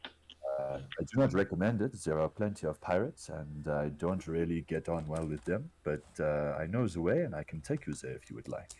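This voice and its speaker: A man plays a courteous French-accented adventurer in a tabletop game. The voice is very deep and mellow, and he offers his help politely and formally. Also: expressive, moderate pace, heavily acted. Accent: put-on French. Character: grateful adventurer man, wary of pirates.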